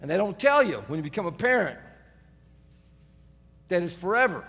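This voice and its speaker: A man's voice: high-pitched, big pitch swings, normal speed, a bit bright, slightly rough. A middle-aged male pastor preaching a sermon, telling self-mocking stories with humor. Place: church sanctuary. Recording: reverberant church hall.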